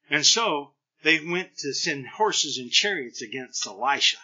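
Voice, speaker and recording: Middle-aged male preacher, bright and forceful tone, slightly high voice, animated storyteller. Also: slow, husky, low-quality recording. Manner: animated storytelling preacher, acts out scripture lines. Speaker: pastor. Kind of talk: sermon.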